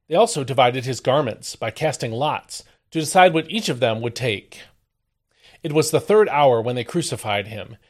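A man hosting a daily devotional, reading a Bible passage aloud and then explaining it, with expressive emphasis on the quoted lines. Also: medium pitch. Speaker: devotional host. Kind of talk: scripture reading and devotional commentary.

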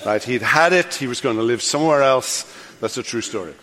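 An older man preaching a sermon as pastor, swinging from loud, animated passages to hushed, quiet endings. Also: medium pitch, fairly quick, in a large hall, a little hiss or hum. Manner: animated preaching, rising loud then dropping to hush. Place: church sanctuary.

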